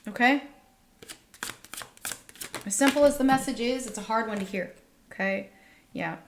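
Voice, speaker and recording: A woman reads tarot for an online audience, her voice sitting a little high. She talks earnestly and emotionally, circling back to the same phrases again and again as she speaks to her listeners. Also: normal speed, slight background noise. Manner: earnest, repetitive, emotional, addresses viewers directly. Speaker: tarot reader. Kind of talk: spiritual tarot reading monologue.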